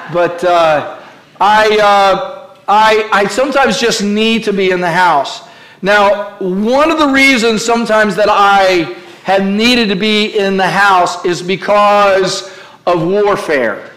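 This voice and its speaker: High-voiced pastor preaching in an echoey church. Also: male voice, a bit bright. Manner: rambling preacher with many "uh" fillers, calls out to the congregation. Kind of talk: sermon. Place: church sanctuary.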